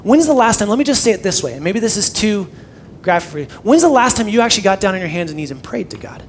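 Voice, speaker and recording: A young man preaching with a high, bright-pitched voice, animated and quick to swing from loud emphasis to soft near-whispers. His sermon carries a faint layer of background noise. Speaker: pastor.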